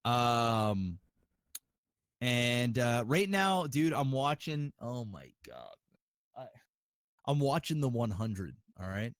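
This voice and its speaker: A man's voice: mid-range voice, sing-song, slow pace, pauses often, dry recording, studio quality. A man co-hosting a podcast, telling rambling stories with lots of swearing. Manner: profane, rambling storyteller. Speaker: podcast co-host. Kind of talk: casual chat.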